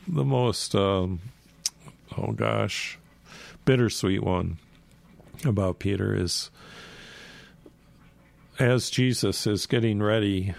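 A man with a low, gravelly voice retells Bible stories in a loose, rambling way. He leans on fillers and restarts, and the sound is close and dry. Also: a little mellow, dry recording. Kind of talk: casual Bible storytelling.

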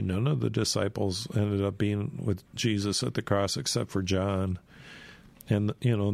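A man casually retelling a Bible story, rambling with many fillers and jumping up in pitch when he acts out quotes. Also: gravelly, no room sound.

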